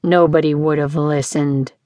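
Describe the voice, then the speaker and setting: A gruff, grumbling male mixer, read by a woman in an audiobook, curt and short with his words. The voice sits low and is recorded close and dry. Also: little pitch movement, a little slow, mellow, dry recording.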